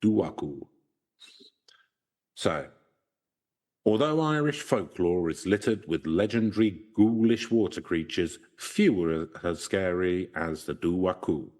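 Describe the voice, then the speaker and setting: A man co-hosting a podcast, reading folklore notes aloud and joking with his co-host, with halting restarts. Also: deep voice, expressive, a little mellow.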